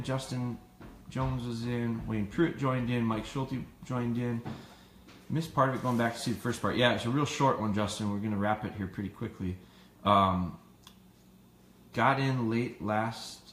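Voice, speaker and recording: A man who trains dogs, hosting a casual live stream and answering viewers' questions by name in a relaxed, plainspoken way. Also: mid-range voice, reverberant.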